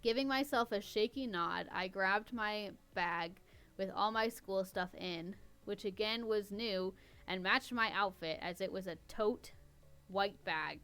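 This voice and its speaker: A woman podcast host reads an amateur story aloud in a smooth, clear voice. She keeps stopping for wry, teasing remarks about the writing. Faint music plays underneath. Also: mid-range voice, a little slow, a bit bright. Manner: wry, stops to mock the writing. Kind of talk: casual reading with running commentary.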